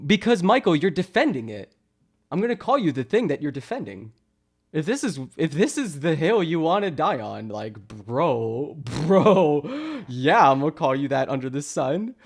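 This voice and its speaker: A man's voice: fairly high pitch, very animated, moderate pace, breathy edge. A man from Canada ranting sarcastically on a live stream, mocking chat with laughs and put-on voices. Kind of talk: casual live-stream rant.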